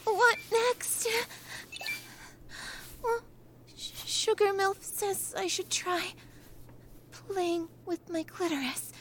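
A young woman acting a shy, nervous streamer in an adult audio role-play, stammering and hesitant, sometimes hushed. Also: very high-pitched, extremely slow, long pauses, slight background noise, heavily acted. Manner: hushed, half-whispered at times.

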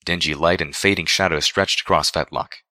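A man narrating a fan fiction story aloud in a steady reading voice. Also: low voice, moderate pace, no echo, clean studio sound.

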